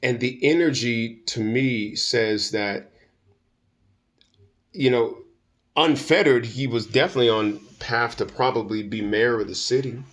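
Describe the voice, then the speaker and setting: A man's voice: medium pitch, measured pace, fairly bright tone. A man being interviewed as a guest, speaking emphatically and informally with a preacher-like, slangy cadence. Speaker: guest commentator. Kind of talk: opinionated interview talk.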